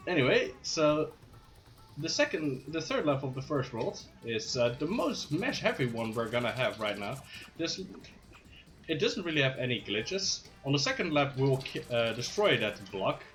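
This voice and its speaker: A man commentates his speedrun live with a lively, bouncing delivery full of playful, hyped asides. His pitch swings widely from phrase to phrase, and faint game music plays under his talk. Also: moderate pace.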